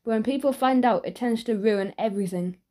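A woman's voice: on the high side, brisk, warm tone, lightly acted. A woman voicing an earnest, shy young schoolboy in a children's audiobook. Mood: sorrowful.

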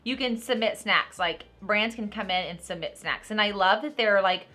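A woman's voice: mid-range voice, moderate pace, sharp tone. A woman hosting a casual snack unboxing, chatty and upbeat, reading labels aloud as she tastes. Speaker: vlogger host.

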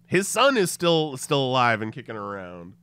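A man's voice: mid-range voice, wildly swooping pitch, moderate pace, bright, forceful tone, smooth, dry recording. A man hosting a podcast, casually telling a story with swearing and laughter at his own tale. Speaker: podcast host.

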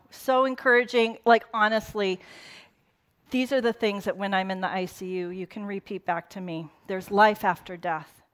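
Middle-aged lady pastor, chatty sermon, jokey asides. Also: medium pitch. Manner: conversational and playful, with asides and laughter.

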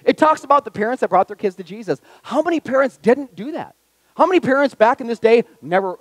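A male pastor with a high voice preaches with big energy, one moment rousing the room and the next dropping to a hushed, tender appeal. The sound is close and dry, with almost no room echo. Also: fast. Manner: energetic, swings from loud exhortation to hushed intimacy. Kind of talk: sermon. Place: church sanctuary.

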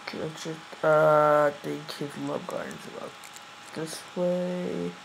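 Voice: mid-range voice, level tone, takes it slowly, gravelly, slight background noise, rough recording. A young gamer giving casual, rambling gameplay commentary, giggling and hesitating often. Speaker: let's play gamer.

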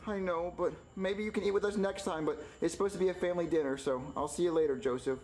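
A man's voice: high-pitched, fast, a little mellow, a little hiss or hum, rough recording. A man voicing a cheeky young boy in a puppet comedy sketch, teasing in a sassy, innocent-acting way. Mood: matter-of-fact.

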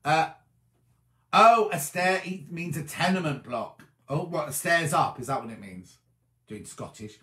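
A man's voice: on the high side, expressive, measured pace, pushed and bright. Tired chatty man, echoey room. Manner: chatty, rambling, reads comments aloud and answers them. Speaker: host. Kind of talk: casual live-stream chat reading viewer comments.

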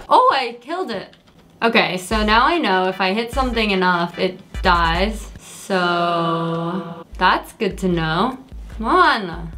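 A young woman giving casual, excitable commentary while playing a video game for the first time, yelping at enemies. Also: medium pitch, slow, over music. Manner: excitable, yelps and scolds at enemies. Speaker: gaming creator. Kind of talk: casual let's play commentary.

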